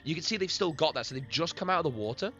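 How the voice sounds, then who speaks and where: A man runs a tabletop game on a live stream and rambles through the scene, laughing as he talks to chat. His voice sits a little high. The audio is dull and lo-fi, with faint music underneath. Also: lively intonation, racing, pushed and bright.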